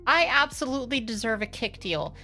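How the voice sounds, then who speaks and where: A young woman streamer with a high-ish, animated, brisk and sharp voice chats casually with her live audience. She's candid and sarcastic, swears freely and rambles with plenty of fillers, while faint music plays behind her.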